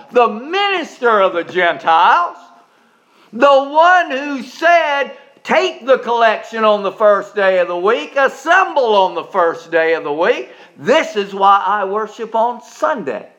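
A man preaching a sermon. His voice sits high and sounds bright and forceful. He swings from booming emphasis to soft, folksy asides, often repeating a word as he gets going. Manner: emphatic preaching with sudden loud rises and quiet asides; folksy, repeats words when starting sentences.

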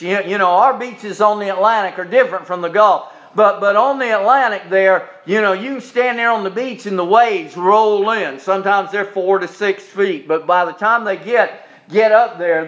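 A middle-aged man preaches a sermon in a high, ringing voice. He talks in a homespun, conversational way, circling back on his phrases and easing into folksy stories. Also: a bit bright, dull audio. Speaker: minister.

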